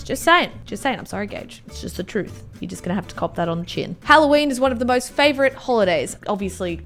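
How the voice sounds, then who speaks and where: A young Australian woman chatting sarcastically straight to the camera in a casual reaction vlog. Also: on the high side. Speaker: YouTuber reacting to a list.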